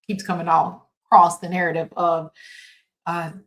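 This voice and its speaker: A woman with a somewhat low voice hosts a casual commentary podcast from her home. She talks in a loose, halting way, full of fillers and self-corrections. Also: level tone, fairly bright tone. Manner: halting, with many fillers and restarts. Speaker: podcast host.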